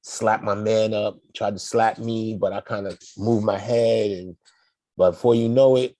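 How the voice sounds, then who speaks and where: A man's voice: lowish voice, a little slow, no room sound. A middle-aged man, telling a story in a casual, slangy way as an interview guest. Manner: slangy, animated, acts out the people in his story.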